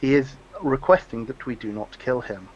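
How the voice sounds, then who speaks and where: A man's voice: medium pitch, normal speed, a little mellow, slight background noise. A man at a tabletop game working out his moves aloud with hesitant restarts. His voice sits in the middle range. The microphone sounds dull and lo-fi. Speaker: player. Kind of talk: casual tabletop play.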